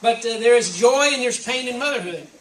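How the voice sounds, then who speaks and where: A woman preacher delivers a conversational, reflective sermon, going through examples one at a time. Her voice is on the high side, with lively intonation and a fairly quick pace. It was recorded from a distance in a church hall, so there's roomy echo, faint ambience, and a little hiss or hum.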